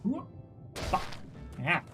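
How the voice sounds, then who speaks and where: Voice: extremely slow, sharp tone. A streamer giving casual, chatty commentary over a game, laughing, swearing and reading game text aloud. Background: game music.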